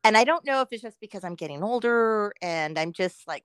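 Woman, podcast co-host, casual chat, lively high-ish voice, laughing while ranting, dry recording. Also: clean tone, no echo. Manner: slow, laughing, playful ranting.

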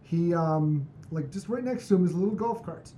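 A woman with a low, mellow voice talks through a movie plot in a casual podcast chat. She sounds exasperated and swears freely while reading the summary aloud. A faint hiss sits under her voice. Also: animated, brisk. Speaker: podcast co-host recapping a movie.

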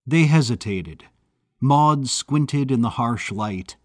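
A man narrating an audiobook in a measured, even reading style. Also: medium pitch, no echo, studio quality.

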